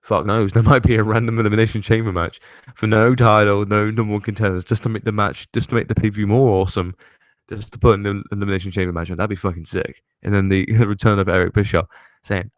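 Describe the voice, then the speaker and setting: A young man rambles through a casual chat show, swearing freely and breaking into laughter. His voice sits fairly low, and the sound is dry with no room echo. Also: steady tone, fast. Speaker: host.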